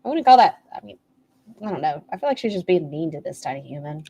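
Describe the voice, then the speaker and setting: A woman with a rather low voice hosts a livestream commentary. She is blunt and sarcastic as she remarks on clips and reads out poll results to her viewers. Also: very animated, fast, dark tone, slightly rough. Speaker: commentary streamer.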